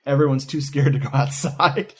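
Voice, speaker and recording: A man co-hosting a podcast, retelling a movie's plot in an excited, profane, casual way. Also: medium pitch, moderate pace. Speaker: podcast co-host. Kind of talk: casual movie review chat.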